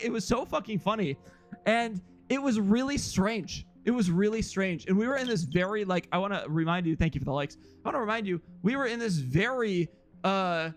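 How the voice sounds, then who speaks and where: A man's voice: high-pitched, expressive, normal speed, faint music behind. A man streamer chatting casually and rambling through a story with frequent chuckles.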